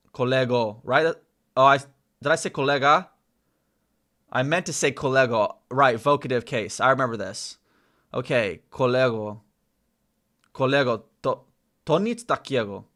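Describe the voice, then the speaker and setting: A native Spanish speaker chats casually on a live stream, slowly repeating foreign phrases as practice. His voice sits at a medium pitch with a sharp tone.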